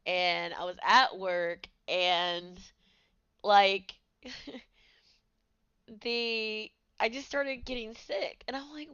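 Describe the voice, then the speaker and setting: A woman in her thirties tells her own story slowly and candidly, with a gravelly edge to her voice. It sounds dry and close, though the recording is a bit dull and lo-fi. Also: mid-range voice, fairly even intonation, pushed and bright, no room sound. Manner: candid, conversational, with many fillers. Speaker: podcast host. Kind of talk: personal storytelling.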